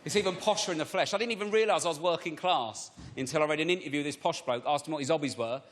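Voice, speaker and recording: A man's voice: fairly high pitch, very fast, fairly bright tone, slight background noise. A man doing a self-mocking stand-up routine, telling chatty stories on a large theatre stage. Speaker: stand-up comedian. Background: audience laughter.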